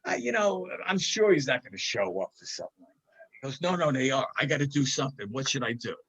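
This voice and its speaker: An older man telling a comic prank story on a talk show in a casual, animated way, acting out the other voices in it. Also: mid-range voice, fast, husky, poor audio.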